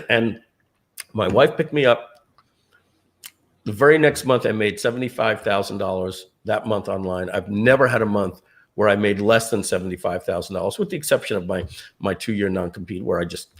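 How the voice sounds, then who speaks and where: A man's voice: on the low side, moderate pace. A middle-aged man telling a personal story to an audience, acting out what other people said in their own voices. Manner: acts out other people's lines in quoted voices.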